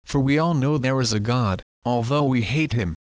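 A man voicing a male tormentor demon who speaks smoothly and coldly, recorded dry and close. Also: medium pitch, moderate pace, no echo, lightly acted. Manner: smooth, cold.

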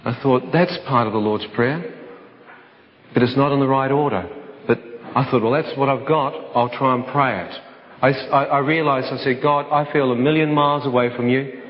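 A man giving an earnest personal testimony to an audience, slowing right down whenever he quotes a prayer. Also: medium pitch, steady tone. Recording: dull sound with long hall reverb.

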